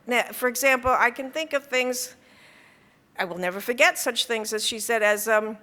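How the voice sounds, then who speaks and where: A woman's voice: fairly high pitch, sharp tone. A woman author telling stories from her writing life, stopping often to restart her sentences between fillers. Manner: halting, many restarts and fillers. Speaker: author speaking at an event. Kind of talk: talk. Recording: long hall reverb.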